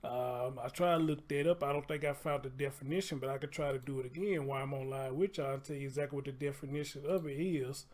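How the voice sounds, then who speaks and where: A man's voice: mid-range voice, fast, few pauses, a little mellow. A man hosting a casual livestream, chatty and loose, swearing freely and repeating phrases as he talks to viewers. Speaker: livestream host.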